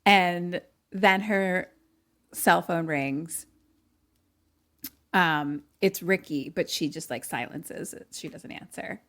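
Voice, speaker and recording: A woman's voice: on the low side, slow pace, fairly bright tone. A woman co-hosting a podcast, casually retelling a movie scene by scene with lots of fillers and acted-out quotes. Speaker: podcast co-host. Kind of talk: casual chat recapping a movie.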